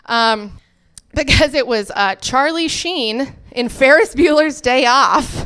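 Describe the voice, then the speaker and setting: A woman's voice: sits high, unhurried, fairly bright tone, clear, resonant tone. A young woman doing a stand-up comedy set, chatty and self-mocking, acting out the people she quotes.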